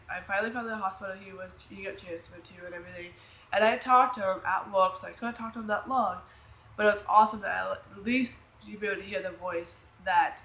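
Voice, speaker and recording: A woman's voice: mid-range voice, bright, forceful tone. A woman in her thirties telling a personal story on her vlog in a rambling, emotional way, full of fillers and restarts. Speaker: vlogger. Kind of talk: casual storytelling. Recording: echoey room with faint noise.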